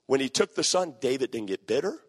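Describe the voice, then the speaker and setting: A man's voice: mid-range voice, very animated, a little fast, breathy edge, in a large hall. A man preaching a sermon, emphatic and repeating his key phrases.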